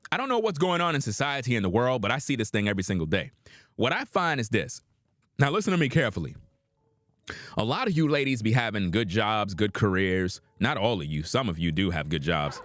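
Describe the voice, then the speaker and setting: A man's voice: mid-range voice, a bit bright, dry recording, clean studio sound. A man giving blunt, preachy reaction commentary on a livestream, lecturing his audience in casual slang.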